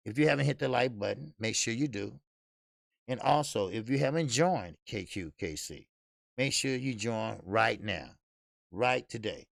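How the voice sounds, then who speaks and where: A man's voice: mid-range voice, vocal fry, a bit bright, dry recording, studio quality. A man hosting a boxing channel, talking in a casual livestream style, blunt and profane with lots of repeated fillers.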